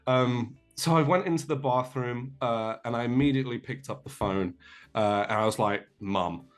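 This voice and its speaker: A young Englishman with a mid-range voice joins a remote call as a guest, speaking at a moderate pace with faint music in the background. He rambles through a self-deprecating story in casual storytelling style, with many fillers and restarts.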